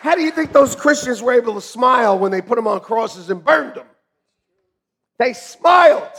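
Lively husky-voiced man preaching. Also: very high voice, normal speed. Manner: animated, laughing, jokey preaching. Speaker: pastor. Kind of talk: sermon.

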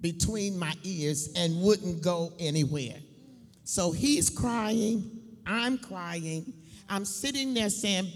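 A middle-aged woman giving a personal testimony in church, telling her story slowly and emphatically, laughing between lines. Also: lowish voice. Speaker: church speaker. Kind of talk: sermon testimony. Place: church building. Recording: long hall reverb.

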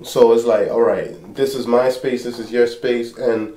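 A man's voice: mid-range voice, normal speed, echoey room, low-quality recording. A man who is a pastor and show host, telling stories in casual conversation and acting out the people he quotes. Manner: animated storyteller, acts out quoted people.

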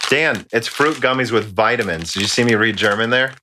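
A man's voice: medium pitch, a little fast, noisy background. A man co-hosting a podcast in casual chat, joking, swearing and stumbling over foreign words. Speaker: podcast co-host. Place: home recording during quarantine.

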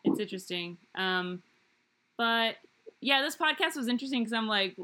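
A woman's voice: a little high, expressive, normal speed, bright, forceful tone. A young woman hosting a podcast, chatting casually with lots of fillers and giggles. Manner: rambling, giggly, many fillers. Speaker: podcast host.

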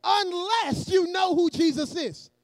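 A man preaching a sermon in a church, energetic and often shouting, with joking asides to the congregation. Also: very high-pitched, measured pace, no room sound.

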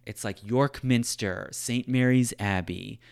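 A man's voice: medium pitch, slow, creaky, darkish tone, smooth. A man talking through history in a loose, conversational way, full of "like" and "right?". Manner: loose, filler-heavy talk, frequent "right?" and "like". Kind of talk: conversational discussion.

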